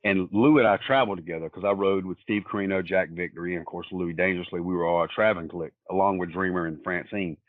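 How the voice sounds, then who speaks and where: Low-pitched male interview guest, rambling storyteller, tinny phone-line sound. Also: steady tone, fast talker, hardly any pauses, dry recording. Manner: rambling, plain-spoken storyteller. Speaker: wrestler guest. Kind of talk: casual anecdotal storytelling.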